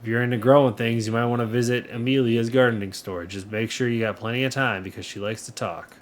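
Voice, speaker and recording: A man's voice: mid-range voice, steady tone, quick pace, natural voice. A man reading as a chatty frontier carpenter. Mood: friendly. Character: friendly male townsman carpenter, chatty and helpful.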